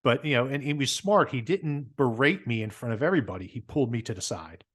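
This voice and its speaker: A man with a New Jersey accent, a guest telling stories in a casual interview, animated and repeating words as he talks. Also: mid-range voice, fast. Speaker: guest, business owner.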